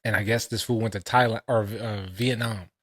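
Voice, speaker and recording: A man co-hosting a casual podcast, telling stories in animated, profane slang. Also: on the low side, moderate pace. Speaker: podcast co-host. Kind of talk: casual chat.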